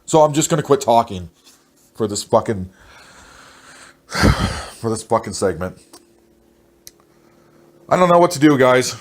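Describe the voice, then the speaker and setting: A man's voice: mid-range voice, very animated, a little slow, pauses often. A man in his twenties venting angrily about work, swearing and stressed. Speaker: vlogger. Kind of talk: ranting personal monologue.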